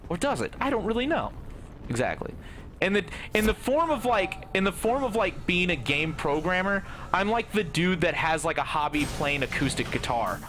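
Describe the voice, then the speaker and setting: A man's voice: high voice, very animated, normal speed. A young man livestreaming a game, talking casually with lots of swearing and ranting. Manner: profane, ranting, bursts into shouting. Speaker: gaming livestreamer.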